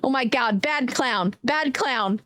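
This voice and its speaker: A woman's voice: high-pitched, slow, fairly bright tone, no room sound. A young woman live-streaming a game, chatting playfully with her viewers, teasing them and breaking into yelps and exclamations. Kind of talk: live gameplay stream chat.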